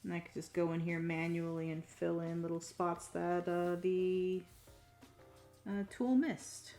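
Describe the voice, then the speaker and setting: Woman, casual stream chatter, slow unhurried pace, faint music behind. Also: on the low side, steady tone. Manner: rambling, self-talk with many fillers, soft muttering asides. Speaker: streaming digital artist. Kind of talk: casual live-stream chat while drawing.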